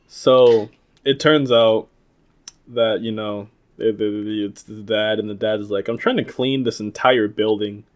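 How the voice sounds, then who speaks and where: A young man co-hosting a casual podcast, recapping an episode in a loose, rambling way. He laughs often and swears freely. He acts out the lines he quotes in goofy voices. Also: lowish voice. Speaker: podcast co-host.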